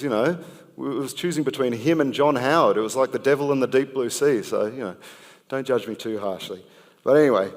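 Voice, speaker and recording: An Australian man performing spoken word poetry, with rhythmic, punchy phrasing and easygoing talk between poems. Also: medium pitch. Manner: rhythmic, punchy delivery, slow deliberate phrasing. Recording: long hall reverb.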